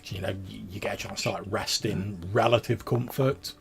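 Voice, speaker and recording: A man runs a tabletop game with a low, gravelly voice. He narrates loosely and casually, stringing scenes together with plenty of filler words, and soft music plays faintly underneath. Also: a little fast. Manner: relaxed, rambling narration full of filler words. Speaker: game master.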